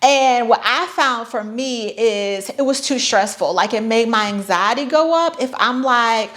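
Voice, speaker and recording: A woman's voice: on the high side, a little slow, few pauses, a bit bright. A woman in her thirties talking casually to her viewers as a vlogger, chatty and playful with sarcastic asides. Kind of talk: casual talk to camera.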